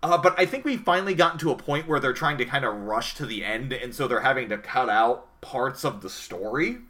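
On a casual anime review podcast, a male co-host with a medium-pitched, expressive voice talks a little fast in a sharp tone. He tends to ramble and hesitate, leaning on many fillers.

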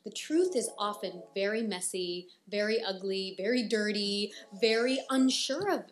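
A woman's voice: medium pitch, unhurried. A young woman co-hosting a casual chat, candid and reflective, often laughing as she talks. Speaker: podcast co-host.

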